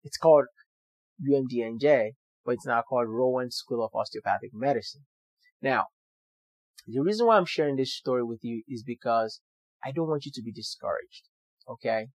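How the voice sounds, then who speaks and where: A man's voice: mid-range voice, moderate pace, no room sound. A young man earnestly telling a personal story to viewers, with motivational emphasis. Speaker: doctor sharing his story.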